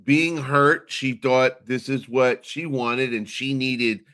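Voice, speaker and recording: A man's voice: mid-range voice, fairly even intonation, takes it slowly, fairly bright tone. A man co-hosting a casual TV recap chat, laid-back and slangy as he fills in plot details. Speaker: podcast co-host.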